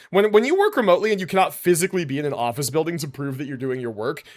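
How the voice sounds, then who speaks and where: A man chatting casually on a livestream, rambling, repeating words and often checking in with "right?". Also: fairly high pitch. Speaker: streamer.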